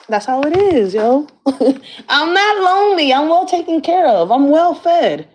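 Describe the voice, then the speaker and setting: A woman with a fairly high voice holds forth to her camera in a casual rant, swearing freely and slipping into slang. Her pitch jumps all over the place as she tells her story, lively and expressive from line to line. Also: measured pace. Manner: blunt, profane, slangy storytelling. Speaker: community activist and channel host.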